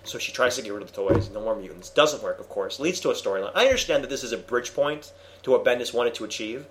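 A man hosting a casual comics discussion, retelling a story with animated enthusiasm and many restarts. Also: mid-range voice, fast talker, noisy background. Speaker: podcast host reviewing comics. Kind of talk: casual chat.

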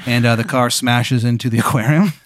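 A man's voice: medium pitch, fairly even intonation, a little fast, dry recording, studio quality. A man hosting, improvising a comic second-person story with a rambling, filler-heavy delivery. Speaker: host.

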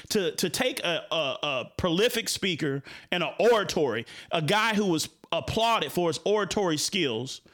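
A man's voice: on the high side, a bit bright. A man with a Chicago accent hosting a casual talk show, speaking animatedly with frequent repeated words and restarts. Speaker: host.

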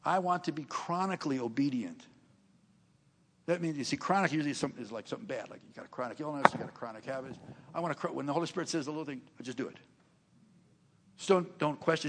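A man's voice: a little high, quick pace. An older man preaching a sermon, telling stories in a chatty way, laughing between lines and acting out the people he quotes. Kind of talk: sermon storytelling.

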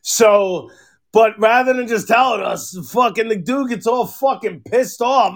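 A man hosting a podcast in casual chat, cursing and telling animated stories. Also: extremely high pitch, unhurried. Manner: profane, animated storytelling, mimics others loudly. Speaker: podcast host.

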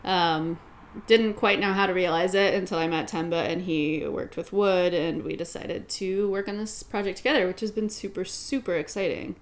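A woman hosting a casual chat, speaking in an earnest, reflective way and thinking out loud. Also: on the low side, steady tone, moderate pace. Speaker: host.

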